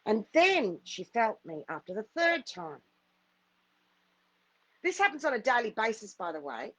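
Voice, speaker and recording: A woman's voice: fairly high pitch, big pitch swings, measured pace, fairly bright tone, poor audio. A middle-aged woman, a spiritual healer, telling a personal story in an earnest, repetitive, emphatic way. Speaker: spiritual healer hosting a live stream.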